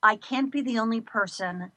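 A middle-aged woman talking in a casual interview, an animated and expressive storyteller. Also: a little high, moderate pace, no echo. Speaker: guest.

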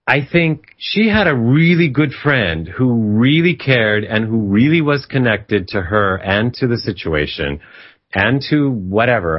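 A man casually telling a story in an emphatic, reflective way, often retelling a conversation. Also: lowish voice. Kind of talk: casual spoken storytelling monologue. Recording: slightly dull lo-fi recording.

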